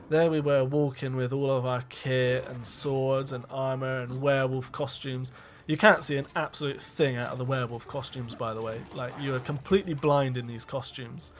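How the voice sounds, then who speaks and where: A man giving a casual, rambling commentary as a film director, candid and self-deprecating, with frequent ums and restarts. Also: medium pitch.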